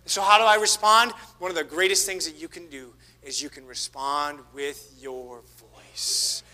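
A man preaching a sermon, swinging between loud exhortation and hushed asides. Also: high-pitched, moderate pace, few pauses. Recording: reverberant church hall.

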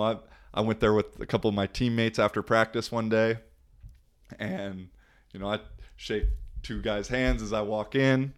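Slangy laid-back young man, lowish voice. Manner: loose, slangy and laughing often. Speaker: athlete living abroad. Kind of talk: casual vlog monologue.

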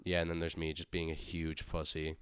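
A young man chatting casually, telling rambling, profane stories and acting out quotes with loud bursts. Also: a bass voice, a little fast, clear, resonant tone, dry recording. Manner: profane, rambling storytelling with animated acted-out quotes. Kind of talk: casual podcast chat.

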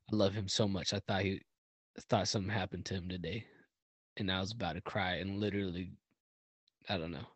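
A man's voice: deep voice, steady tone, moderate pace, long pauses, no room sound. Slangy, rambling man with a dry sound. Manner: slangy, swears a lot, rambling with many fillers. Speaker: podcast co-host. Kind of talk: casual podcast chat.

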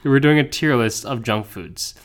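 A man's voice: medium pitch, animated, normal speed. A man co-hosting a podcast in casual chat, joking and rambling, often breaking into laughter. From Canada. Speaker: podcast co-host.

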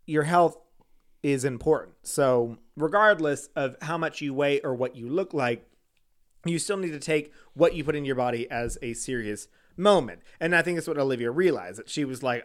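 A man co-hosting a casual podcast chat, talking in a giggly, animated way with lots of laughter. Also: mid-range voice, normal speed. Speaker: podcast co-host. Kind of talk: casual chat recapping a reality show.

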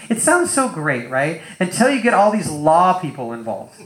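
Animated high-voiced man preaching casually. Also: moderate pace. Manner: loose, animated, full of fillers and acted-out asides. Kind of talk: casual sermon. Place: church hall with a live audience. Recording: roomy echoing hall.

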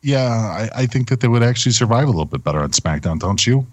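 A man's voice: mid-range voice, expressive, quick pace, no echo. A man co-hosting a casual podcast, hesitant and often trailing off. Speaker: co-host.

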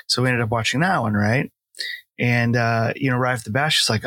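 A man's voice: mid-range voice, lively intonation, normal speed, pushed and bright, slightly rough, no room sound. Middle-aged male co-host, casual film chat, loose and rambling, dry close sound. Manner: rambling, filler-heavy, laughs often. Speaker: podcast co-host.

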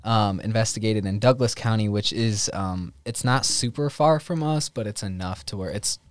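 A man's voice: lowish voice, normal speed, no room sound. A young man from Northwest Missouri co-hosting a casual podcast, laughing often and restarting his sentences. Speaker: podcast co-host.

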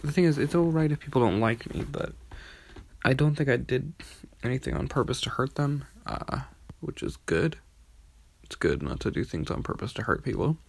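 A man's voice: medium pitch, expressive, normal speed, gravelly. Tired, rambling young man podcasting. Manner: rambling, filler-heavy, tired. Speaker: podcast host. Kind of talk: casual rambling podcast monologue.

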